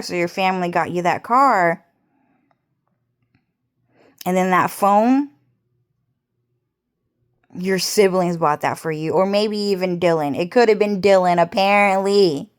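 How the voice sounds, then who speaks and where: This young female vlogger, whose voice is fairly low, addresses her camera in an upset, meandering personal rant. She curses a great deal and circles back to the same points again and again.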